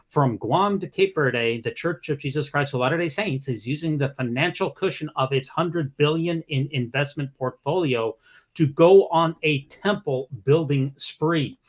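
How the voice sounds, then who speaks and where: Halting man reading news with commentary. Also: on the high side. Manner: halting, repeats words and restarts while reading articles aloud. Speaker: podcast host.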